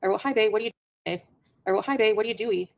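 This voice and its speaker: A woman rattles through a story at high speed, exasperated and reading out a string of text messages. Her voice sits mid-range and her delivery is casual. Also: gravelly. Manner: rapid, exasperated, reads messages aloud. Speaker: vlogger.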